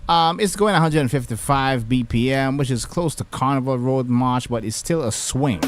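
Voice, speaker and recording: A man's voice: medium pitch, moderate pace. A man, a music producer talking casually through a beat-making tutorial with lots of fillers. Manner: relaxed, chatty, many fillers. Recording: music playing behind the voice.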